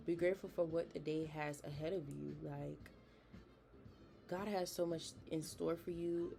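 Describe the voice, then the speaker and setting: A woman's voice: low-pitched, vocal fry, dark tone. A young woman hosting a podcast, chatting in a casual, earnest and encouraging way, with frequent fillers. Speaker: podcast host. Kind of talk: casual motivational talk.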